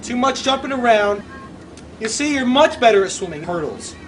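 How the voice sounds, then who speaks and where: High, bright-voiced excitable male gamer. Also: moderate pace, a little hiss or hum. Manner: excitable, yelps and shouts at failures. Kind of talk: gameplay commentary.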